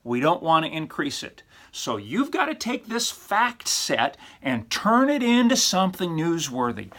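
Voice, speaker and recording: A college professor records feedback for his students, and his voice sits on the high side. He's over-animated and teasing, tossing out rhetorical questions and silly exaggerated voices.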